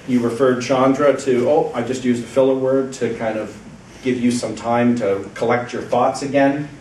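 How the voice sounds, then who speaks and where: A man giving an encouraging, measured evaluation of a speech at a club meeting, pausing deliberately between points. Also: medium pitch, a little mellow. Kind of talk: prepared feedback speech. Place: meeting room, speaking at a lectern. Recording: roomy, distant, faint background hiss.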